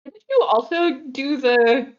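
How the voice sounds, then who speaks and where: A woman's voice: sits high, slow pace. A woman playing a tabletop game, talking with many fillers and restarts. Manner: hesitant, full of fillers and restarts. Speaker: player. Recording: dull lo-fi audio.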